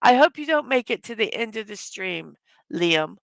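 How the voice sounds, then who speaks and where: A tired, hoarse woman hosting a casual morning livestream, greeting her chat viewers one by one. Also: mid-range voice, lively intonation, normal speed, dry recording. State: tired from little sleep. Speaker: livestream host.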